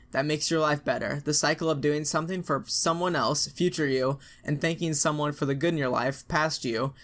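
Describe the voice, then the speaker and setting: A man's voice: on the high side, a bit bright. Young man reading out frank advice. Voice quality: frank and profane, with slangy asides. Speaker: narrator reading out an online post. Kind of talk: reading aloud an advice post, casual and emphatic.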